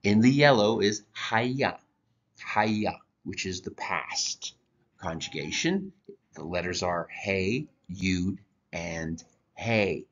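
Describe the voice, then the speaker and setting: Slow, deep-voiced man teaching Scripture. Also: animated, a bit bright. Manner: slow, deliberate explaining with halting restarts. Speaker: church teacher. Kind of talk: slide-based Bible lesson. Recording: dull lo-fi recording.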